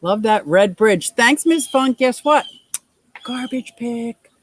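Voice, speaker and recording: Middle-aged woman host, casual stream chat, high voice, dry close sound, laughs a lot. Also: lively intonation, takes it slowly, no echo, low-quality recording. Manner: chatty, reads out viewer comments and laughs often. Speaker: livestream host.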